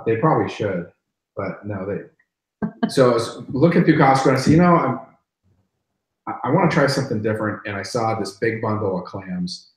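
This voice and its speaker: Animated barbecue-host man in an echoey room. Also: fairly low pitch. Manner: animated, repeats words as he talks. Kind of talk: casual live-stream chat.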